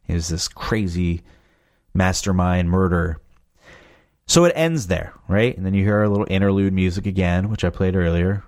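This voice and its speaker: A man's voice: deep voice, normal speed, darkish tone. A young adult man, a podcast creator, talking casually and rambling loosely about his show. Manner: rambling, loose and chatty, full of fillers like "you know". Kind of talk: casual chat.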